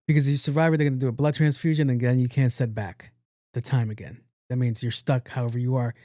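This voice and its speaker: A mellow, medium-pitched man hosts a podcast in a dry, clean studio recording. He rambles casually through a movie recap, cursing freely and performing the characters' dialogue.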